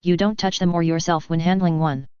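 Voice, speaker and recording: A woman's voice: lowish voice, fairly even intonation, brisk, clear, resonant tone, no room sound, close to an everyday voice. A woman voicing a wry, laid-back male factory owner who speaks with dry sarcasm, in a dull lo-fi recording. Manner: dry, sardonic.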